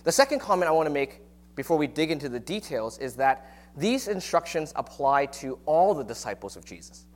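A man preaching a sermon on a Bible passage in a relaxed, conversational teaching manner, with frequent rhetorical questions. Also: on the high side, brisk. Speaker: pastor.

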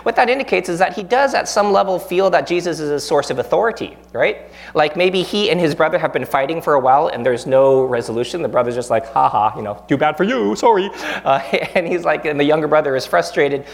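A man in his thirties, a pastor giving a sermon in a relaxed, conversational way, joking at his own expense and acting out the prayers he quotes. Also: fairly high pitch, fast, vocal fry. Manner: conversational, self-deprecating, acts out quoted prayers.

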